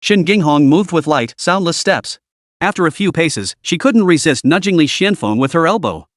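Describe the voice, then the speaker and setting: Narrator: man, slightly high voice, steady scripted recap, dry close sound. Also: moderate pace, no echo. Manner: steady storytelling.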